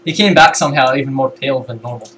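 A young British man streaming a game, excitable and loud, swearing a lot and breaking into yelps. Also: medium pitch, fast, a little hiss or hum, poor audio. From Britain. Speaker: gaming livestreamer. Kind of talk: casual gameplay chat.

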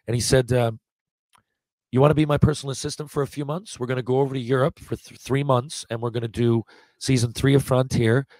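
Forties guy on a podcast spinning stories, mid pitch, dry close sound, keeps restarting lines and acting out quotes. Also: fairly quick, no room sound. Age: 40s. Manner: animated anecdote-telling, acting out quotes, frequent restarts. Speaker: podcast guest, former hockey player. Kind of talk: casual storytelling.

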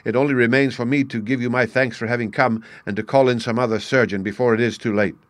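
A man reading aloud and voicing a desperate merchant husband who pleads urgently, rising high and loud. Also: fairly even intonation, fast, no room sound, close to an everyday voice. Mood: angry.

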